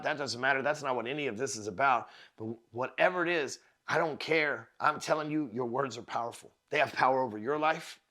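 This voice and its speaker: Mid-range in pitch with a fairly bright tone, this male podcast host, a parent of four, gives a profane, no-nonsense motivational speech. He's emphatic, swears freely, and repeats himself as he works toward each point, circling back as he goes.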